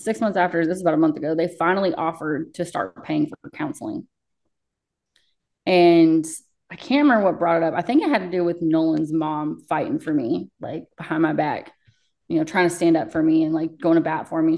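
A young woman paramedic, a guest in an interview, tells candid stories from her work bluntly and emotionally, swearing often. She speaks at normal speed with a fairly low, darkish voice.

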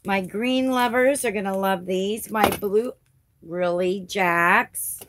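A woman's voice: mid-range voice, slow pace, noisy background. A woman hosting her crafting channel, chatting casually through an unboxing and gushing over each item with little gasps.

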